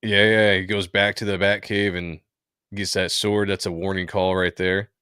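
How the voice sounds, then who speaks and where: A man's voice: low-pitched, level tone, normal speed, bright, forceful tone, clear, resonant tone, no room sound, clean studio sound. A man casually chatting about comic book pages with a co-host, reading viewer comments aloud and laughing often.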